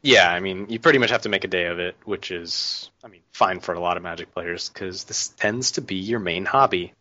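A man with a lowish voice hosts a casual podcast while a little under the weather, rambling with plenty of fillers and restarts. The recording is dry and dull, with a lo-fi edge. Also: brisk, pushed and bright, dry recording. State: a little sick. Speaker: podcast host. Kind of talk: casual chat.

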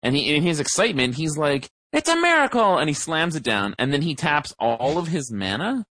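A man's voice: on the high side, expressive, fairly quick, a bit bright, dry recording. A man co-hosting a podcast, rambling through a story with many fillers and restarts. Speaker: podcast co-host. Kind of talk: casual chat.

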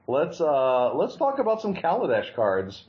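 A man co-hosting a podcast in casual chat, lively and given to quick mock voices. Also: a little high. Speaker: podcast co-host. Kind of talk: casual chat about card games. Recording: slightly dull lo-fi audio.

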